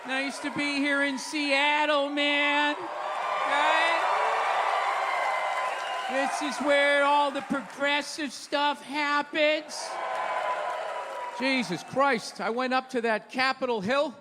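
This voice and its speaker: A man doing a live stand-up routine, loud, sarcastic and profane as he rants on a stage mic. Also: extremely high pitch, steady tone, slow, pauses often, over a noisy crowd. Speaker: stand-up comedian. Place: large theater stage before a live audience. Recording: reverberant hall with audience noise.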